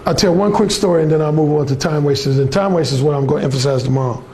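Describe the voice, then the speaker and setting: A man's voice: a little high, rapid-fire, darkish tone, a little hiss or hum. A man coaching a class on dating through bold, profane, swaggering stories. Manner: bold, blunt, swaggering, lots of cursing. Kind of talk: profane storytelling lecture.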